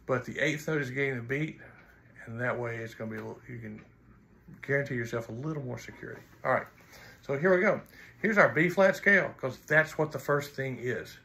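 Male trombone teacher, gravelly and bright-toned, blunt and teasing, counts rhythms aloud. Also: medium pitch, a little hiss or hum. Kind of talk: instructional video.

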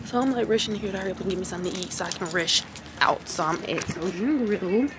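A woman's voice: medium pitch, fast. A young woman, a college student, chatting casually to a handheld camera and calling her viewers y'all. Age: young adult. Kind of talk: casual vlog narration to camera. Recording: loud background noise.

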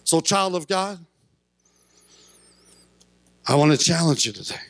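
A male pastor delivering a sermon in a church sanctuary, his voice sitting high for a man. He preaches earnestly and climbs into fervent shouts at the peaks. The sound is close and dry, with little room around it. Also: animated, a little slow, no echo. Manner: impassioned, rising to shouts at peaks.

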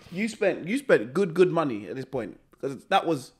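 A man's voice: fairly high pitch, unhurried, slightly rough. A man co-hosting a casual chat, giving short reactions and recapping with amusement. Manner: short back-channel replies, lively reactions. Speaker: podcast co-host.

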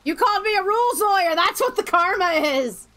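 A woman's voice: extremely high pitch, animated, fairly quick, fairly bright tone. A woman streamer chatting casually while gaming, sarcastic and playful, swearing freely. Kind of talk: casual gameplay chat.

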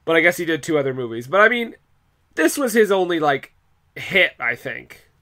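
A man's voice: on the high side, sing-song, normal speed, pushed and bright. A man co-hosting a podcast about bad movies, chatting casually and joking with frequent laughter. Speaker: podcast co-host. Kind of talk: casual chat.

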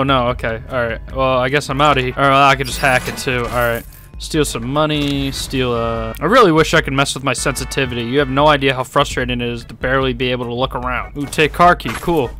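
A man's voice: medium pitch, sharp tone. A young man giving casual, sarcastic let's-play commentary, joking and swearing freely as he plays. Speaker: gaming YouTuber.

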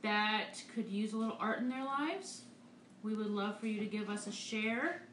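A woman's mid-range, fairly bright voice moves at a moderate pace as she gives a live painting demonstration in an art studio. Upbeat and encouraging, this art teacher explains each stroke, and there's reverb plus a little hiss or hum.

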